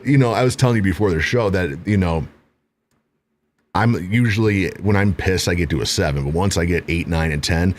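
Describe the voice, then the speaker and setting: A man hosting a talk show, telling a bar story in casual, profane, animated speech. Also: low voice, fairly quick, slight background noise.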